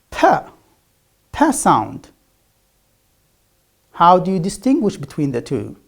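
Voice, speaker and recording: A woman whose first language is Arabic teaches English pronunciation in an online lecture. She drills the sounds slowly and repeats each one aloud. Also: deep voice, darkish tone. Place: remote class, speaking to a camera.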